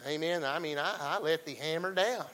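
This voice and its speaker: A man delivers a folksy sermon and keeps calling out to his congregation. His voice is bright and sits a little high for a man. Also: moderate pace, low-quality recording. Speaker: pastor.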